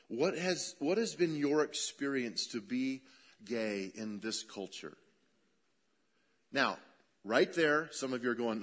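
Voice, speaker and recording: A middle-aged man preaching a sermon as a pastor, lively, acting out quoted voices and letting his voice rise high and drop low. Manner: animated preacher, acts out quoted voices, voice rising and dropping.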